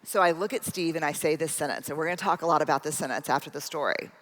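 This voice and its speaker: A woman's voice: sits low, quick pace. A woman giving a keynote talk, telling a personal story and acting out both sides of a conversation. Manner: animated storyteller acting out dialogue. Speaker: speaker. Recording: long hall reverb.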